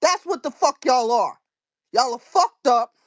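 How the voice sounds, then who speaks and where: A woman's voice: high-pitched, animated, measured pace, no echo, studio quality. A woman venting angrily and with heavy profanity in a live audio chat room. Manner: angry, profane, confrontational.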